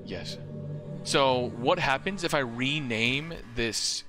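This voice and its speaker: A man's voice: medium pitch, slow pace. A man casually commenting while playing a video game, with blunt joking asides. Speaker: gaming streamer. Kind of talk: casual let's play commentary. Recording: loud game music behind.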